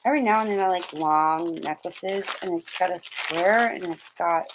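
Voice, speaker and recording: A woman's voice: lowish voice, normal speed, noisy background. A middle-aged woman hosting a motivational vlog, speaking emphatically and repeating her points like a pep talk. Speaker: motivational host.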